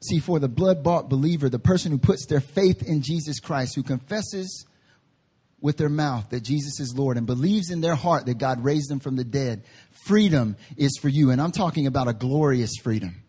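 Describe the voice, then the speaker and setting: A man preaching a sermon as pastor, with emphatic slow stresses and playful asides. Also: medium pitch, dark tone, husky. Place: church service.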